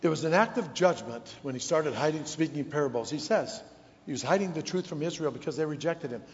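A pastor delivers a sermon quickly in a fairly high voice, relying on rhetorical questions and dropping to a hush for emphasis. The lo-fi recording sounds dull, with long reverb from an echoey church hall.

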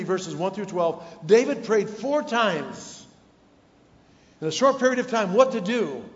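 Preacher man in an echoey hall. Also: high-pitched. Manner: rhetorical questions, drops to a hush for emphasis. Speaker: pastor. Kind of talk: sermon. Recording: dull, echoey hall sound.

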